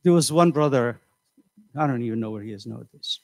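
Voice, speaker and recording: An older man giving a motivational seminar, animated and conversational, asking the audience questions and acting out voices. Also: mid-range voice, a little fast, no echo, studio quality. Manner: animated, acts out quoted voices. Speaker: seminar speaker. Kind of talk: motivational lecture. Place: community center hall.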